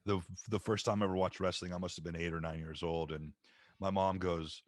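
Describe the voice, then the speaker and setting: A man's voice: low voice, brisk, no room sound. A man, a voice actor, telling stories in a casual livestream chat, acting out the people he quotes. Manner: animated storyteller acting out quotes. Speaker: voice actor guest. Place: home, livestream call.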